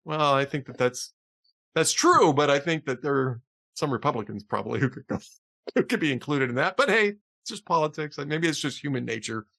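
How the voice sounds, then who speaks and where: A man's voice: on the high side, lively intonation, fairly quick, creaky, fairly bright tone. A man hosting a casual political talk show, chatty and often laughing at his own jokes. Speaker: podcast host.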